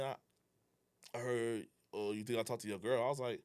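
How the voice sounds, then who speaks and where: A man's voice: medium pitch, a little fast, clean tone. A young man in casual conversation, telling a personal story and acting out the dialogue, with slang and swearing. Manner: animated, reenacting dialogue; slangy and profane. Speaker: guest.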